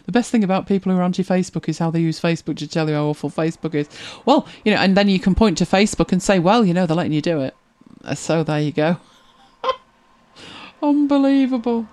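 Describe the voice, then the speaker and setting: A British woman hosts a casual livestream, reading viewer comments and sharing wry anecdotes. Her chatty storytelling has lively swings in pitch.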